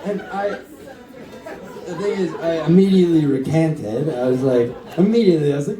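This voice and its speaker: A man's voice: medium pitch, normal speed, warm tone, slight background noise. Rambling man chatting on a concert stage. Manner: rambling, self-deprecating, chuckling often. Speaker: singer-songwriter on stage. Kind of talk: rambling stage banter between songs. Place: indoor concert venue with a live crowd. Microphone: stage mic, recorded by an audience camera from far off. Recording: echoey concert hall heard from far off, with crowd and band.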